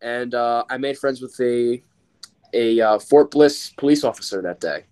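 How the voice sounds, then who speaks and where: A man's voice: medium pitch, a little slow, a little mellow, clear, resonant tone. A young man from New York, a podcast guest telling a casual story with lots of fillers. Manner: rambling, filler-heavy, acts out quoted voices.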